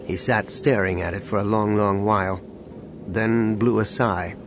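A man reading a science-fiction novel aloud in measured scripted narration. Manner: measured, dropping low on sad lines. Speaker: audiobook narrator. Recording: steady background noise.

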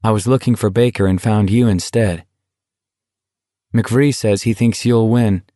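A man's voice: lowish voice, steady tone, measured pace, warm tone, no room sound, clean studio sound, natural voice. Man reading as a tired, hot-tempered young walker. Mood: terse. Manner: terse, flaring into angry outbursts. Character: young male walker, tired, quick to anger.

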